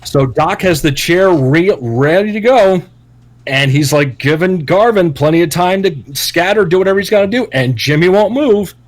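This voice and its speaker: A man co-hosting a podcast, telling a long story in a casual, profane and animated way. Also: high voice, normal speed. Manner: animated, profane, acts out quotes loudly. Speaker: podcast co-host.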